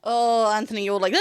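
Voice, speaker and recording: A woman vocal coach giving an enthusiastic analysis in a reaction video, often laughing and breaking into short sung demonstrations. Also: a little high. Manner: laughs often while explaining.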